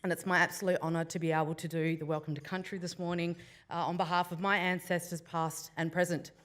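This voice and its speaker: A woman's voice: fairly low pitch, little pitch movement, quick pace. A woman with an Australian accent giving a Welcome to Country speech to a breakfast crowd, joking with the room between formal thanks. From Western Australia. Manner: warm, playful crowd banter. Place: event room before a breakfast audience.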